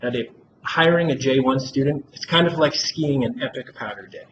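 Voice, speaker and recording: A man giving a rehearsed, persuasive sales pitch in a role-play and often addressing the listener by name. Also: moderate pace, a bit bright. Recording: dull lo-fi recording with clear background noise.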